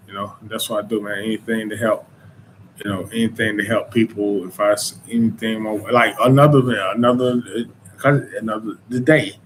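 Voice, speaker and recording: A man's voice: lowish voice, fairly even intonation, normal speed, slight background noise, rough recording. A man from North Carolina with a Southern accent hosting a podcast, talking in a loose casual monologue full of "you know" and "man". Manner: informal Southern speech. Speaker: podcast host.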